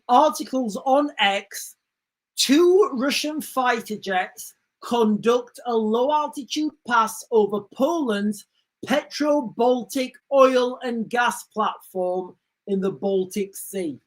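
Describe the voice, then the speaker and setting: Animated man hosting a live stream. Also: high voice. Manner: rambling, animated, addresses viewers as guys. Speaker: livestream host.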